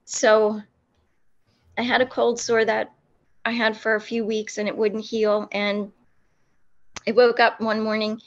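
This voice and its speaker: A woman recounting a personal faith experience in an interview, speaking earnestly with many pauses and restarts. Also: a little high, level tone, lo-fi sound. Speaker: guest telling her faith testimony.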